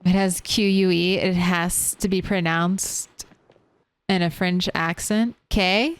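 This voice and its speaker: Slow-talking woman streaming a game. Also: lowish voice, fairly even intonation, smooth. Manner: chatty, reads and answers chat while playing. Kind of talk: casual gaming stream chat.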